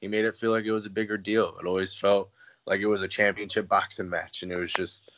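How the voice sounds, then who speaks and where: A man's voice: fairly low pitch, level tone, fast, a bit bright, slight background noise. A man chatting casually on a podcast in a laid-back way.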